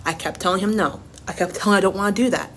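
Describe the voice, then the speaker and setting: A woman's voice: mid-range voice, very fast, a little hiss or hum. A young woman in her twenties vents in a casual storytime rant. She is blunt and profane and circles back to repeat her points for emphasis. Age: 20s. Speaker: TikTok creator.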